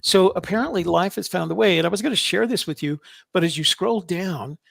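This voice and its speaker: A man's voice: sits high, a little fast, creaky, a bit bright, no room sound. Man, podcast co-host, casual rambling talk, self-correcting, dry close sound. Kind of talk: casual political chat.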